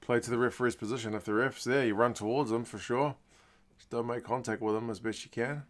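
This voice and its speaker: A man hosting a live rugby watch-along, giving chatty play-by-play that bursts into loud, excited shouts and mild swearing. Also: medium pitch, fast. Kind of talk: live sports reaction commentary.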